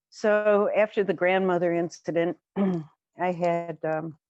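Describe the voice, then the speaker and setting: A woman's voice: low voice, a little mellow, dry recording. A woman guest speaker sharing personal stories in an earnest, conversational way, with many fillers. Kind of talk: personal storytelling. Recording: dry, dull lo-fi sound.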